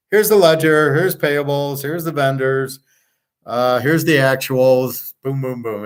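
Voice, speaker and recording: A middle-aged man rambles through a casual monologue as a sports handicapper. He is blunt and boastful and swears freely. His voice sits at an ordinary middle pitch. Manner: blunt, profane, boastful rant.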